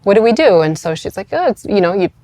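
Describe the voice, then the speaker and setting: A woman's voice: mid-range voice, sing-song, fast, dark tone, dry recording. A woman in her thirties, a podcast guest, telling a personal story in a chatty way, full of fillers, acting out what others said. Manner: chatty, many "like" fillers, acts out quoted voices. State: tearful at moments. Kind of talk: casual storytelling.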